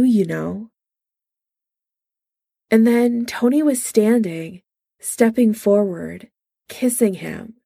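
A woman reads a story in a slow, unhurried way, and her voice is low, mellow and full of gravelly fry. The recording is dry and close. She stays soft and intimate, with only light changes of voice for the characters. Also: dry recording. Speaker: reader. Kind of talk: audiobook-style story reading.

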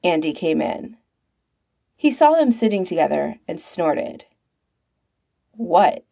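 A woman reads a story aloud in a wry, expressive way. Her voice is dark and husky with a creaky edge, and it rises and falls freely at a slow pace. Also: lowish voice. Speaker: narrator. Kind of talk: storybook reading.

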